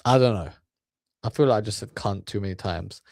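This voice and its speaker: A man's voice: on the low side, fairly quick, creaky, a little mellow, no room sound. A man ranting in crude, swear-filled commentary, stacking up filler words as he goes. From England. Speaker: commentary channel host.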